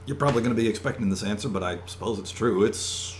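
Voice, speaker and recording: A man hosting a casual panel chat over a video call, hesitant and full of pauses. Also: fairly low pitch, background noise. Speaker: podcast host.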